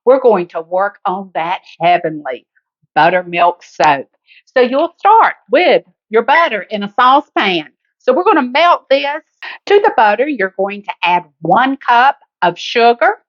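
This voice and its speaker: A slightly slow, sing-song, higher-pitched woman's voice with a Southern US accent comes through on lo-fi audio. As host of a kitchen cooking demo, she keeps things chatty and homey, speaking right to her audience as "guys" and "honey."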